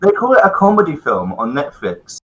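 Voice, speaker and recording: A man's voice: fairly high pitch, wildly swooping pitch, brisk, fairly bright tone, poor audio. A man co-hosting a casual podcast, hesitant and stumbling but easily amused. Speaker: podcast co-host. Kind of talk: casual chat.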